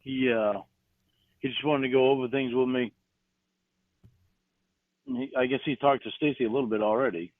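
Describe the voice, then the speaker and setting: A man coaxes and flirts casually during a recorded phone call. His voice comes through a tinny, dry phone line that cuts off the highs and lows. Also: fairly even intonation, moderate pace, long pauses, no room sound.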